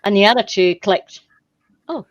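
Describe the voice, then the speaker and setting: A woman's voice: medium pitch, dry recording. Blunt swearing woman, dry sound. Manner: blunt, swearing, quick interjections. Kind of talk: casual group chat.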